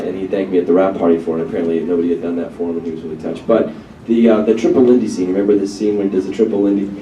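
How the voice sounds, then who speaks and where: Low-voiced man in an echoey hall. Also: warm tone. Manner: chatty, laughing storyteller. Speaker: panel guest. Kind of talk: convention Q&A anecdote. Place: large convention hall. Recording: echoey hall from far off with clear noise.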